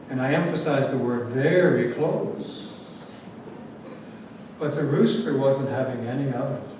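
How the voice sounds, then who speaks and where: A man's voice: medium pitch, a little slow, long pauses. A man preaching to a gathered audience, telling a fable with playful asides before drawing out its lessons. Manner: lively storyteller, adds asides and jokes. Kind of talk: storytelling sermon. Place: large room with a gathered audience. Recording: very echoey, distant, faint noise.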